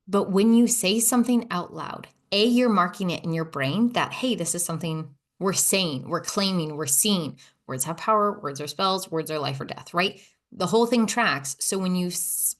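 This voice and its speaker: A woman hosting a solo podcast, talking casually and with lively feeling, dropping to hushed near-whispers and rising to excited high exclamations. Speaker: podcast host.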